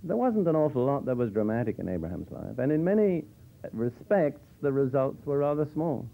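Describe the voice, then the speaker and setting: A man's voice: mid-range voice, very animated, a little fast, gravelly. A man teaching from the Bible in a conversational sermon style with dry humor, explaining verses as he goes. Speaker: preacher. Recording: tinny phone-like old tape.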